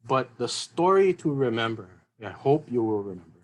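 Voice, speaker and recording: Man, earnest seminar speaker, emotional, repeats key phrases, mid-pitched voice. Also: big pitch swings, normal speed, poor audio. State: emotional, voice catching. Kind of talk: emotional public talk.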